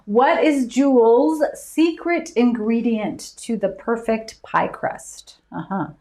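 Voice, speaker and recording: A woman's voice: on the high side, slow pace, warm tone, reverberant. Bubbly woman hosting live trivia. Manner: bubbly, laughs often, reads viewer answers aloud. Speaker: host of a live trivia stream. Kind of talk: casual live-stream chat.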